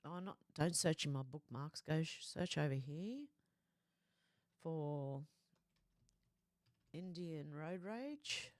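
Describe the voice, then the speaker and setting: A woman's voice: sits low, takes it slowly, pauses often, dry recording, studio quality. Chatty Australian woman reading chat. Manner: chatty, reads comments aloud in a lively quoting voice. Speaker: livestream host. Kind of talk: casual chat, reading out viewer comments.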